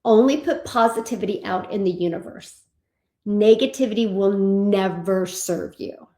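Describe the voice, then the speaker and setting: A woman giving an energetic motivational talk as an online business coach, emphatic and repetitive, acting out quoted voices. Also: medium pitch, normal speed, echoey room.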